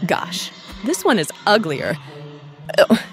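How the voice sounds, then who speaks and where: A woman hosting a reaction video, giving excited commentary full of dramatic gasps and exclamations. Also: takes it slowly, faint music behind. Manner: dramatic gasping exclamations, swooping from squeals to low murmurs.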